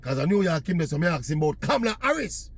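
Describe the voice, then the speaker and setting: A man's voice: a little high, sing-song, very fast, gravelly, breathy edge. A man from Jamaica with a Jamaican accent, chatting in patois as he tells a casual story. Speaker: vlogger.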